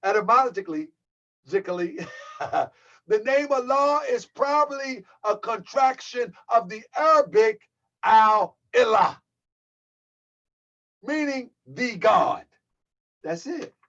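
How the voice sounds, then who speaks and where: A man's voice: very high voice, animated, takes it slowly, pauses often, bright, forceful tone, lo-fi sound. A man hosting his own channel, delivering a heated, mocking rant and calling his viewers family. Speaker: channel host. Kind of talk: livestream rant.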